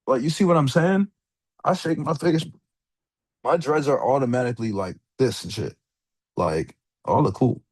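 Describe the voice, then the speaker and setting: Over a casual screen share, a young trading mentor loosely talks through a lesson, sprinkling in slang and curses and addressing the listener as "bro" and "dog." His slightly husky voice swings widely, sometimes climbing high and sometimes dropping low.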